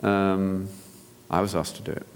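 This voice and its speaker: A man's voice: deep voice, level tone, unhurried, long reverb tail, slight background noise. A man, a physician, giving an earnest, direct sermon-style talk to an audience, often restarting his sentences. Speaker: physician speaker.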